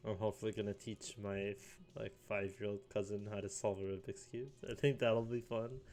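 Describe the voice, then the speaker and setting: A man's voice: fairly low pitch, level tone, fairly quick, darkish tone, faint music behind. A young man in his late teens rambling casually in a solo vlog, full of fillers and little chuckles. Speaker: vlogger.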